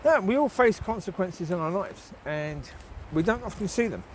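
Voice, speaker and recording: Man, high animated voice, casual rambling faith talk on a countryside walk. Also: moderate pace, a little hiss or hum, rough recording. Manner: rambling, conversational, asks listeners tag questions. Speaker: lay Christian vlogger. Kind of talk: casual spoken devotional while walking. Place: outdoors in the countryside, walking dogs.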